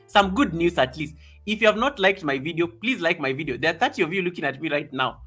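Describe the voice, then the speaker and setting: A man with a bright, forceful voice pitched a little high hosts a casual live stream and chats excitably with his viewers. Soft music plays faintly behind him. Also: normal speed, slightly rough. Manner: excitable, reading viewer comments aloud.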